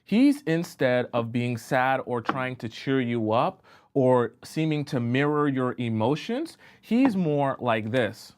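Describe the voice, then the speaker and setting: A man coaching women on relationships in a live-stream talk, explaining slowly with repeated examples and checking whether listeners follow him. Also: medium pitch, big pitch swings, darkish tone. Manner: keeps checking in with listeners, asking if they follow.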